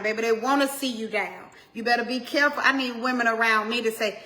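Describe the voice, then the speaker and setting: A woman in her forties, a minister, preaching a motivational message to her viewers, emphatic and repetitive, swinging between loud urging and soft asides. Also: on the high side, fast, few pauses. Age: 40s.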